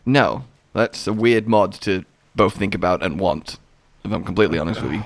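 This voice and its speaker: A man commentating gameplay in casual banter, jokey and animated, riffing on silly bits with his co-host. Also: low-pitched, moderate pace, no room sound.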